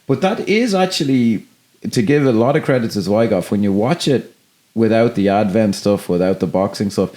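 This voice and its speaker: This is a man co-hosting a film podcast, his voice sitting a little low with a mellow, relaxed colour. He rambles casually, swears freely and now and then slips into short impressions of the characters. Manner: rambling, profane, acts out movie lines in quick bursts. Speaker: podcast co-host. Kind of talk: casual film review chat.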